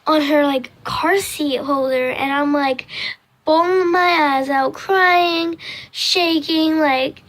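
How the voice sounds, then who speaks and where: A young woman vlogger telling a storytime in casual, rambling chat, full of "like" and acting out the quoted voices in loud, high bursts. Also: takes it slowly. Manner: rambling, filler-heavy storytelling with many "like"s.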